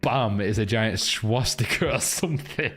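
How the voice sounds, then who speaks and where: A man's voice: lowish voice, unhurried, fairly bright tone, faint music behind. A man live-streaming, chatting crudely with his viewers and rambling between jokes and a chart lesson. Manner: crude, joking, rambling banter with chat.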